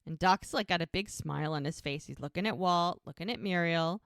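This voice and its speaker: A woman's voice: lowish voice, brisk, fairly bright tone, clean tone, no room sound, studio quality. A woman co-hosting a podcast, casually retelling scenes and quoting the characters as she goes. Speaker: podcast co-host. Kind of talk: casual recap chat.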